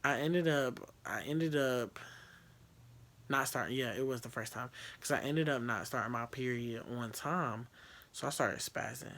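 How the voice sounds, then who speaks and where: A man's voice: mid-range voice, a little slow, fairly bright tone. Candid young man telling a rambling story. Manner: candid, profane, rambling with fillers. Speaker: vlogger. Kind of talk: casual storytelling.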